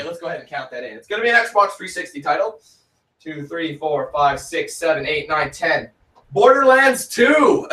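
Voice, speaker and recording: A young man answers viewer questions in a loose, rambling live Q&A. He laughs often and drops casual swearing. His speaking voice sits somewhat high for a man. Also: fairly bright tone. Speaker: let's play channel host.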